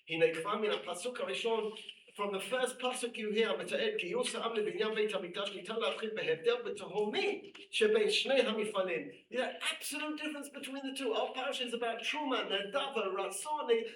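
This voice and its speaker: Male Torah teacher, quick and emphatic, bright voice, roomy distant sound. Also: high voice, a little hiss or hum. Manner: animated, emphatic, repeats phrases, reads aloud in Hebrew. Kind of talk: lecture to students. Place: classroom. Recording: echoey room, mic at a distance.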